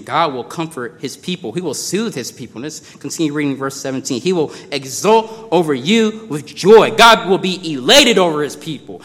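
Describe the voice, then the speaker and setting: A man preaching a sermon in a conversational way, moving between low asides and loud, drawn-out emphasis. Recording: long hall reverb.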